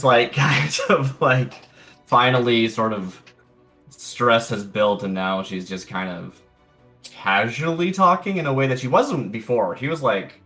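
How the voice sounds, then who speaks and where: A man's voice: on the low side, pushed and bright. A man playing a tabletop game, musing about his character in a hedging, rambling way. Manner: musing, hedging, full of fillers. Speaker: player.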